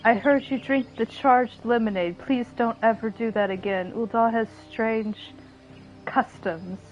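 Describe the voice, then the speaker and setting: A woman voicing a calm, dignified female elder healer in a game, speaking softly and evenly. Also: fairly high pitch, a little slow, faint music behind, natural voice. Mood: solemn. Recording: dull lo-fi audio.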